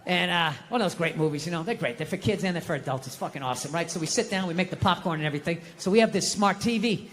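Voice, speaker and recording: A man's voice: high-pitched, racing, few pauses, a bit bright. A middle-aged man performing a stand-up routine, telling a profane story in an exasperated, ranting way on a live comedy stage. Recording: reverberant venue with faint background ambience.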